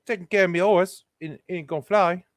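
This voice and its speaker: A man voicing a grumbling horse owner in an exaggerated mock English accent, gruff and put-on. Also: high voice, fairly even intonation, a little fast, no room sound, voice pushed up, lightly acted. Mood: indignant.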